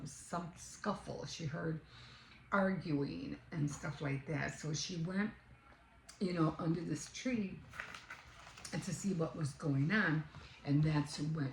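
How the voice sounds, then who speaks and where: A woman's voice: deep voice, gravelly, echoey room, a little hiss or hum, poor audio. A woman casually retelling a story, rambling along with many fillers and self-corrections. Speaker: vlogger.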